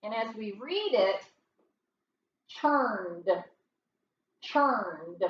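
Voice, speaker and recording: A woman's voice: medium pitch, animated, very slow, muffled recording. A woman teaching a first grade phonics lesson, explaining each step patiently, recorded from a distance in a roomy space.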